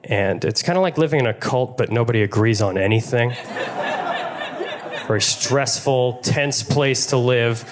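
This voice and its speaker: A young man from Pittsburgh doing a stand-up comedy set, wry and deadpan. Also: medium pitch, moderate pace, crowd noise. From Pittsburgh, USA.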